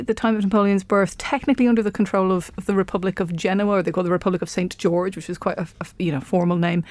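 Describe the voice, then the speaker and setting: A woman's voice: medium pitch, a little mellow, dry recording. A woman historian explaining in a chatty way, with plenty of ums and asides. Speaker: historian guest. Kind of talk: explaining history in casual chat.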